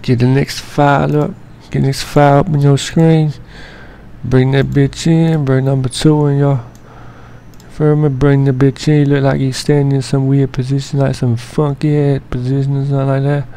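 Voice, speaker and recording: Gravelly man joking through an edit. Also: mid-range voice, little pitch movement, normal speed, warm tone. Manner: slangy, profane, joking and rambling. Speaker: editing tutorial narrator. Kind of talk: casual profane screen-recording commentary.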